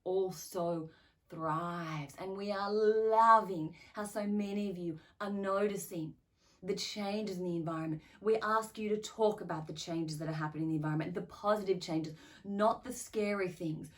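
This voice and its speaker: A woman channeling a collective of benevolent spirit beings, speaking slowly and effusively as "we". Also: mid-range voice, far from the mic, close to an everyday voice. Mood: earnest.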